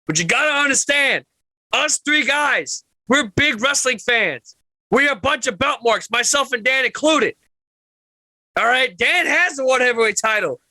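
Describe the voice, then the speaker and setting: A man hosting a casual wrestling podcast, loud and profane, yelling with excitement, his throat a bit sore. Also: very high-pitched, measured pace, no room sound. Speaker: podcast host.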